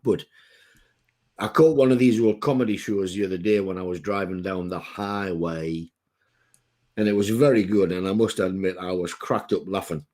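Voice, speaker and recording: A middle-aged Geordie man chats and tells stories in a rambling, jokey way, poking fun at himself as he goes. His voice is low and husky. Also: darkish tone. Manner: rambling, jokey, self-deprecating. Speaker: podcast co-host. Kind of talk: casual chat with storytelling.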